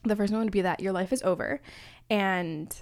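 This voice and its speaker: A woman co-hosting a podcast, leading the questions in a relaxed, conversational way. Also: mid-range voice, normal speed. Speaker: podcast co-host. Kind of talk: casual chat.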